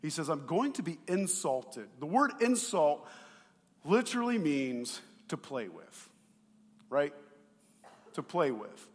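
With a fairly high pitch, this pastor preaches at a slow pace with long pauses, shifting from loud emphasis to quiet asides. He's animated and conversational, asking his congregation questions, and his words echo with long hall reverb.

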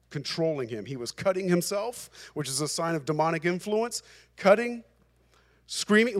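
High-voiced male pastor preaching emphatically. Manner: emphatic, repeats phrases for emphasis. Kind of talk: sermon.

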